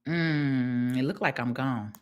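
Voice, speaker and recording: A woman's voice: extremely low pitch, takes it slowly, clean tone. A woman with a Chicago accent giving a casual, preachy pep talk on a live stream to her followers, repeating her points for emphasis. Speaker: small business owner speaking live to followers.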